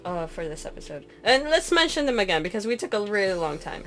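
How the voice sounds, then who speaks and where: A woman co-hosting a casual podcast chat, animated and quick to laugh, often breaking off mid-sentence. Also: medium pitch, soft background music. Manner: animated, laughing, self-interrupting. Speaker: podcast co-host.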